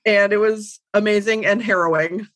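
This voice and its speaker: A woman who is a guest writer chats casually and animatedly, poking fun at herself and often restarting her sentences. Her voice is medium-pitched at a moderate pace, captured in a low-quality recording without echo.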